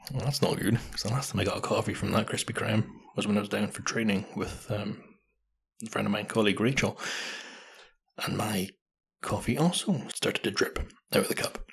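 Guy in his 30s rambling on his podcast, low gravelly husky voice, swears a lot, kind of cheeky. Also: moderate pace. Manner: chatty, swears freely, self-mocking. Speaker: podcast host. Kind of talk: casual solo podcast storytelling.

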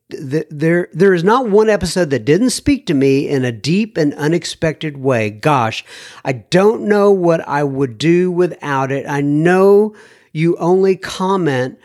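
A man with a somewhat high voice hosts his own podcast, reading a listener's email aloud. He chuckles often and lifts his voice when he quotes the writer, answering with warm thanks in a relaxed, chatty way. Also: slow pace. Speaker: podcast host.

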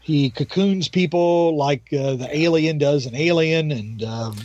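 A man at home at night, rambling through a casual comic book recap and jumping his pitch up to mimic characters. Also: measured pace, a little mellow, no room sound, dull audio. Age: adult. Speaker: podcast co-host.

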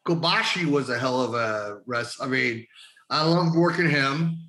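Man, wrestler, casual profane storytelling, bright voice, echoey room. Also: mid-range voice, animated, a little slow. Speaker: wrestler, guest.

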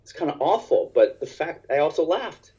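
A man, a stand-up comedian, telling a story in casual conversation in an animated, profane way and acting out other people's lines. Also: a little high, moderate pace, lo-fi sound.

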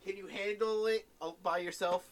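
A man's voice: high voice, steady tone, moderate pace, poor audio. A man teasing and bantering while watching a movie with a friend. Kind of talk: casual movie-watching commentary.

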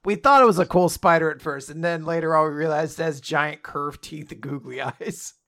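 Man, casual podcast chat, bright tone, slightly high, sarcastic rambling riffs. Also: a little fast. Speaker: podcast co-host.

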